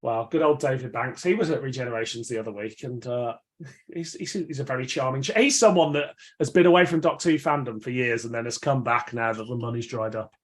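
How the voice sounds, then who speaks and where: A man's voice: medium pitch, a little fast. Rambling, wry male podcast co-host. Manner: rambling, with many restarts and wry asides. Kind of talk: casual fan chat.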